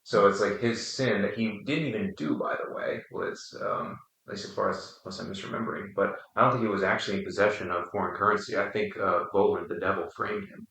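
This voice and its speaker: Low flat-voiced man leading a discussion. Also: creaky. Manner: thoughtful, explanatory, pauses on fillers. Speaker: book study discussion leader. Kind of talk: casual group discussion. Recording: roomy, distant mic.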